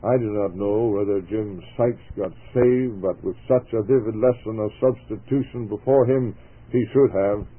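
A man's voice: fairly low pitch, husky. Man preaching a story over tinny radio. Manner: earnest, measured storytelling. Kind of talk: story reading with a sermon appeal. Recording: tinny phone-like radio broadcast.

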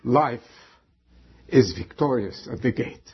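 A man preaching a sermon with emphatic delivery and long dramatic pauses. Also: medium pitch, animated, slightly rough. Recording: dull lo-fi sound.

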